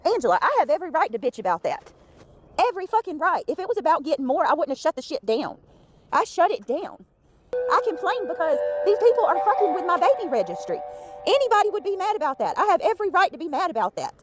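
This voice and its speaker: A woman's voice: extremely high pitch, big pitch swings, fast talker, loud music behind the voice. A woman livestreamer firing back defensively, indignant and swearing. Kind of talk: heated livestream reply.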